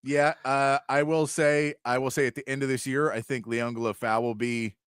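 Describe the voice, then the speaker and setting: A man playing a sports talk host with an even, mid-range voice, recorded dry and close. He reads through long lists of names, sometimes stumbling over one and starting it again. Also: mid-range voice, moderate pace, clear, resonant tone, no room sound.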